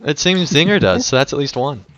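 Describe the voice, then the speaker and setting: A man's voice: fairly high pitch, big pitch swings, fairly quick, a bit bright, lo-fi sound. A man co-hosting a casual online game podcast, laughing often and teasing the others. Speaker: podcast co-host. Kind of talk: casual group chat.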